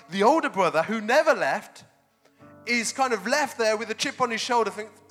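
A man preaching a sermon as pastor, animated and jokey. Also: high-pitched, moderate pace, faint music behind. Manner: animated, jokey, laughs often.

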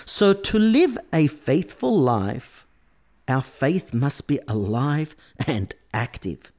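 Slow, lively-voiced male preacher. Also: mid-range voice. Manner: emphatic, varying pace and stress. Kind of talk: sermon.

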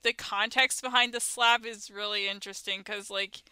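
A woman's voice: medium pitch, steady tone, moderate pace, pushed and bright, smooth, no room sound. A woman co-hosting a podcast in casual chat, rambling with lots of "like" and "um" and restarting her sentences. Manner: rambling, filler-heavy, many restarts. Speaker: podcast co-host.

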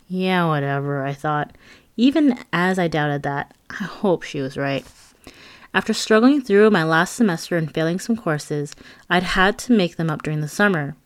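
A woman's voice: low voice, lively intonation, normal speed, no echo. Candid, wry woman narrating a memoir. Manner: candid and wry, with asides to the listener.

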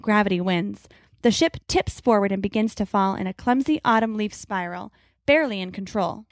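A woman's voice: medium pitch, no room sound, clean studio sound. A woman storyteller giving a vivid, dramatic scripted narration of an adventure story.

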